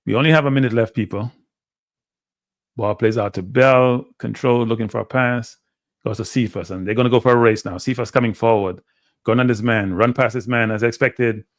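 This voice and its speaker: A man's voice: mid-range voice, steady tone, a little fast, no echo, studio quality. A man hosting a live watchalong, calling football play-by-play with blunt, frustrated fan commentary. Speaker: watchalong host.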